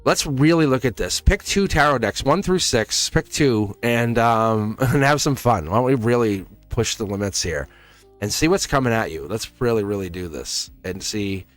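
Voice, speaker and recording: A man's voice: medium pitch, animated, moderate pace, soft background music. A man hosting a live tarot stream, talking casually and encouragingly to his chat with frequent laughs. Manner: rambling, encouraging, laughs often; talks straight to chat viewers.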